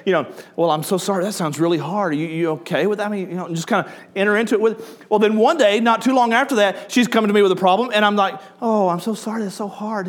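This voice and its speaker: A man's voice: sits high, fairly bright tone. A middle-aged man preaching a sermon to a congregation, talking in a conversational, storytelling way and asking the audience questions. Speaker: pastor. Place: church before a live congregation.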